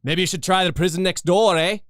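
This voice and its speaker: A man voicing a brash Scottish male prison governor with a put-on Scottish accent, loud and dismissive. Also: sits high, brisk, no echo, voice pushed up. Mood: brusque.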